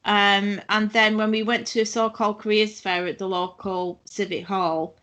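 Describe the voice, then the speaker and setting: A woman of around sixty from England, hosting an interview conversation in a measured, reflective way. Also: medium pitch, flat delivery, bright, forceful tone.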